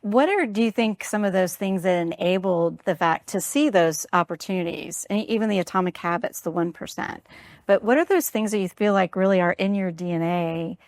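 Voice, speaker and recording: A woman's voice: medium pitch, brisk, dry recording, studio quality. A woman hosting an interview, asking long, winding questions in a friendly way. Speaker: podcast host, interviewer. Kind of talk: conversational interview.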